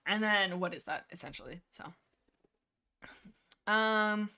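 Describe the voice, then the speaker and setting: Bright-voiced woman rambling on a livestream. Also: mid-range voice, takes it slowly, long pauses. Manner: rambling, chatty, laughs often. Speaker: livestream host. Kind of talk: casual book discussion livestream.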